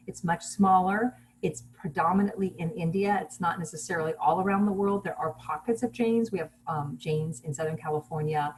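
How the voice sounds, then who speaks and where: A woman giving a relaxed online lecture over a video call, explaining things plainly with fillers and restarts. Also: sits low, slight background noise, poor audio. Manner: casual teaching with fillers and restarts.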